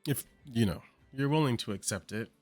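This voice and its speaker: A man's voice: mid-range voice, expressive, brisk, a little mellow, no echo, faint music behind. A man narrating as game master, hesitant with fillers and voicing the other characters. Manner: hesitant, lots of fillers, voices non-player characters.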